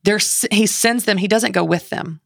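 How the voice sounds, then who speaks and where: A woman's voice: medium pitch, normal speed, gravelly, no room sound, studio quality. A woman in her thirties, a guest on a faith podcast, telling a story with passion and acting out inner voices. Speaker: guest author and speaker.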